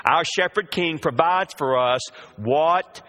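A man's voice: fairly high pitch, slow, bright, forceful tone. A man preaching a sermon, drawing out the scripture quotes with emphasis.

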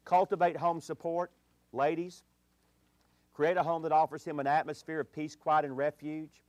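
A middle-aged man preaching to a gathering about marriage and dating, telling stories earnestly and dropping low and quiet in the sad parts. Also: flat delivery, moderate pace, no room sound.

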